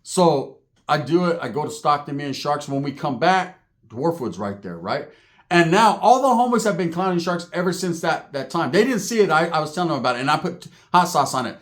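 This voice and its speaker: Profane, animated male storyteller. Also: a little high, brisk. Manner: profane, animated, rhetorical "right?". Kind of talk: casual crude storytelling.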